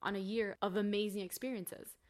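A woman in her twenties, a guest on a podcast, tells a personal story in a chatty way, full of "like" fillers and quoting family members in dialogue. Her medium-pitched voice is steady in tone and brisk.

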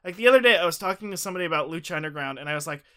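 A man's voice: on the high side, expressive, rapid-fire, fairly bright tone, clear, resonant tone. A man co-hosting a casual comedic podcast chat, rambling and laughing often. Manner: giggly, rambling, ironic. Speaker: podcast co-host.

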